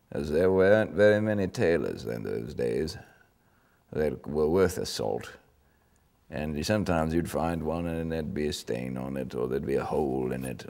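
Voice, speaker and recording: A man's voice: low voice, darkish tone. A man playing a pompous old British sergeant. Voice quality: pompous, rambling, bluffing. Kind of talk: improvised mock interview.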